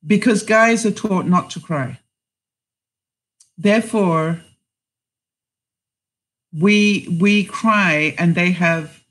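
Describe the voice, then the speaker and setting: A woman's voice: lowish voice, fairly bright tone. A middle-aged woman vlogger on a live stream, reading viewers' comments aloud and giving them chatty life advice by name. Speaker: vlogger answering live chat.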